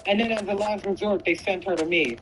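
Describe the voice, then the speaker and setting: A woman gaming streamer casually retelling a story while she plays, animated and full of swearing and acted quotes. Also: mid-range voice, a little fast, noisy background.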